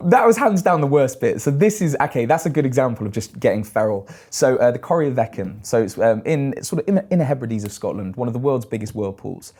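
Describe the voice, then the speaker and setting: A British man in his thirties telling animated stories in a casual interview. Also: mid-range voice, quick pace, few pauses, husky. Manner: animated storyteller, acts out quoted voices. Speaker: guest, long-distance swimmer.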